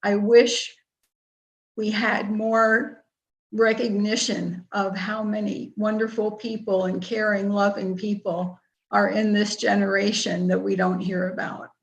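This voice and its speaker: A woman speaking as a family member, proud and warm, over a video call. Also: medium pitch, flat delivery, a little slow, vocal fry, dull audio.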